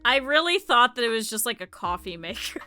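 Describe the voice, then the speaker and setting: A woman's voice: fairly high pitch, very animated, a little fast, bright, forceful tone. A woman streamer chatting casually with her viewers, swearing a lot and laughing often. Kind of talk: casual live-stream chat. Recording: faint music behind. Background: faint background music.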